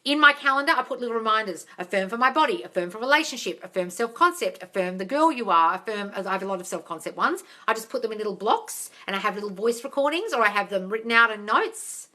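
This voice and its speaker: A young woman chatting casually on a livestream, answering viewer questions, excitable and swearing freely. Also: fairly high pitch, fast talker, hardly any pauses. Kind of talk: casual live chat.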